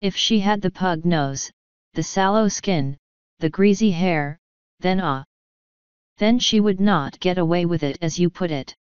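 A woman reading a calm, shrewd old detective. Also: lowish voice, smooth, no room sound, close to an everyday voice. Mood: wry. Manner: measured, precise reasoning. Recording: dull, dry lo-fi audio.

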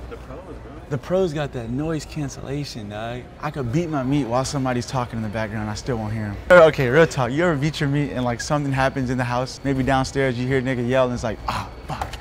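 A young man vlogging to camera, joking loudly and laughing often outside a store. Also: mid-range voice, quick pace. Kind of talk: prank vlog talk to camera. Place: outdoors by a store and parking lot.

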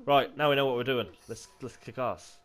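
A young British man giving casual commentary while playing a multiplayer game, excitable and swearing freely. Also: mid-range voice, normal speed. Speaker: gamer.

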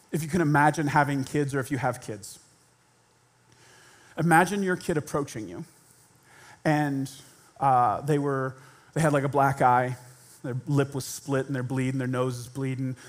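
Man preaching in church, lively and theatrical, voices the people in his stories. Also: on the high side. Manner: animated, acts out quoted voices. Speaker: pastor. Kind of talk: sermon. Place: church sanctuary.

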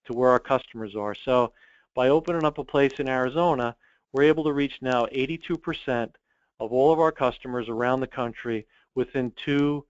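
Confident man, smooth muffled call audio. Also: mid-range voice, dry recording. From United States. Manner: confident, direct, frequent ums. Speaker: online store owner, interview guest. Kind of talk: casual business interview.

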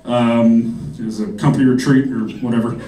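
A stand-up comedian speaks fairly quickly in a medium, level voice amid background noise, spinning meandering stories with frequent laughs and impressions of his characters. It's recorded from a distant mic in an echoey comedy club, with the crowd laughing throughout.

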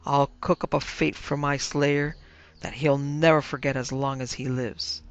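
A man voicing a querulous, vengeful undead wizard uncle who is now a skeleton, rasping slowly and emphatically. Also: mid-range voice, level tone, close to an everyday voice. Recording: dull lo-fi with faint music.

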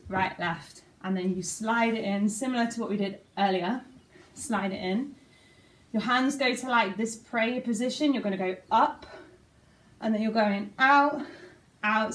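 In a top-floor flat, a young woman with a mid-range voice teaches a dance routine at home, counting and scatting the moves aloud as she talks through it. The room is echoey, the mic distant, and the recording rough.

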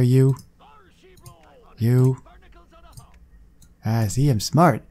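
A man's voice: mid-range voice, mellow. A man hosting a gaming video, chatting to himself casually as he plays. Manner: chatty, talking to himself while playing. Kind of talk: casual let's-play commentary.

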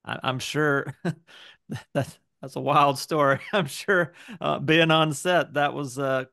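Man, gravelly voice, dry close sound, relaxed interviewer, hesitant restarts. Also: on the high side, slow, no echo. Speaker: interviewer host. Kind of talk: casual interview questions.

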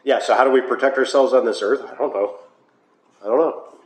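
Talking a little fast in a mid-range voice with fairly even intonation, an American pastor leads a Bible study in a church hall. He's conversational, using filler uhs and wry asides, and the recording is echoey with faint noise.

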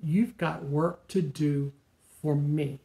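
A man voicing God as a calm presence giving quiet, slow, firm commands. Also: fairly high pitch, gravelly, roomy sound. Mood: calm commanding.

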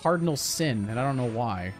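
A man's voice: medium pitch, animated, brisk, music in the background. A man chatting casually with viewers during a game livestream, reacting to gameplay and reading chat aloud. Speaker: game streamer.

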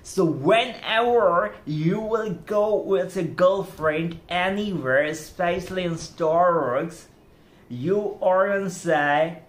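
Slow, emphatic man lecturing. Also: sits high. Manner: emphatic, repetitive, exhorting. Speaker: English-speaking coach and podcast host. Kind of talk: motivational lecture on pronunciation.

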